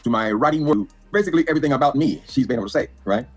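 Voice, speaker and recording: Fast-talking sassy husky older man. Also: mid-range voice, expressive, soft background music. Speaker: YouTube commentator. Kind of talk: reaction video commentary.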